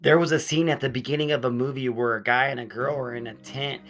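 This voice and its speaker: A man's voice: mid-range voice, steady tone, fast talker, a bit bright. A man reviewing a horror movie, retelling the whole plot in a blunt, profane, ranting way.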